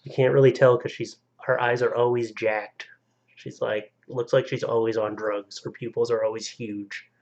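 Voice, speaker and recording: Young male streamer, casual and rambling, easy laugh, mid-pitched voice. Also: little pitch movement, normal speed, darkish tone, lo-fi sound. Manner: casual, rambling, laughs often, stumbles over names. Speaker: live streamer. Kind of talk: casual live-stream chat reading viewer stories.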